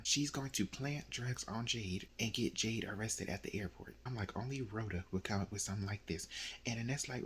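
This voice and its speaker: A man's voice: fairly low pitch, fairly bright tone. A young man casually retelling a novel's plot, slipping into quoted lines from the characters. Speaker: book reviewer. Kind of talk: casual book recap. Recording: faint background noise.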